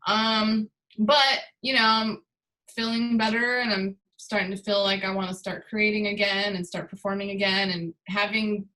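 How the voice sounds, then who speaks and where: A woman's voice: medium pitch, steady tone, normal speed, bright, forceful tone, low-quality recording. A woman musician being interviewed, talking casually and thoughtfully with many fillers. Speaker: musician guest.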